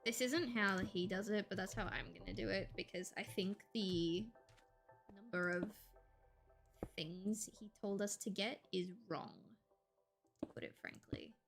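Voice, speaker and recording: A woman's voice: mid-range voice, a little slow, over music. A woman streamer chatting casually while she plays, thinking aloud and swearing now and then. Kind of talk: casual gameplay stream chat.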